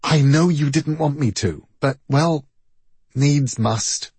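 A man voicing an urgent young male rescuer in a hushed, whispered role-play. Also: a little high, slow pace, husky, dry recording, pitched above the performer's own voice, full character voice. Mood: pleading.

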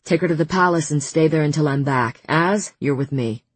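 A woman's voice: sits low, normal speed, darkish tone, slightly rough, dry recording. A woman narrating an audiobook voices a furious fae lord who gives clipped orders. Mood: commanding.

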